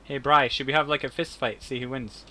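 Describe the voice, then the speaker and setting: A man's voice: mid-range voice, steady tone, brisk, sharp tone. A man with an Australian accent, streaming a game and trading cheeky, teasing banter. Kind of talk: casual gaming chat.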